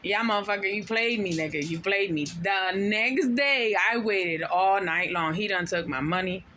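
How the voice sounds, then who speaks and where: Bright, forceful woman venting a story. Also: medium pitch, normal speed, slight background noise. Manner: profane, emphatic, venting; drops Spanish slang words. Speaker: vlogger telling a personal story; mother of five. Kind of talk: casual storytelling to camera.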